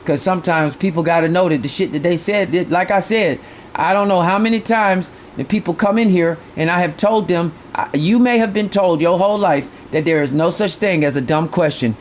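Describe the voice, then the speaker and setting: A man's voice: high-pitched, a little fast, a little hiss or hum. A man streaming a fishing game live, ranting bluntly and profanely to his chat and repeating his points.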